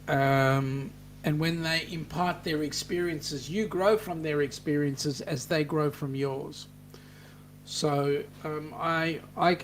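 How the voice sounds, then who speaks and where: A middle-aged man with an Australian accent hosts a casual live chat, rambling warmly through stories and reading out viewer comments with many ums and restarts. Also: fairly high pitch, slight background noise. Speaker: host of a cruising livestream.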